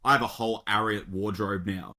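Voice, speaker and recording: Australian man, podcast guest on a video call, talkative and animated, casual. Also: on the low side, fairly quick. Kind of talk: casual chat.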